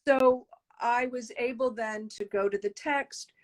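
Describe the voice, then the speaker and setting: A woman's voice: on the high side, fairly even intonation, unhurried. A woman puppeteer talking animatedly in an interview, laughing often and acting out quoted voices. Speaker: puppeteer guest. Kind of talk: casual interview chat.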